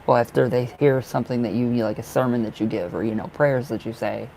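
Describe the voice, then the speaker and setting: A tarot reader chats casually on a live stream, speaking fast in a warm, mid-pitched voice with a gravelly edge. He's effusive and affectionate, laughing often, restarting sentences and addressing viewers by name. The recording is rough, with a faint hum behind him.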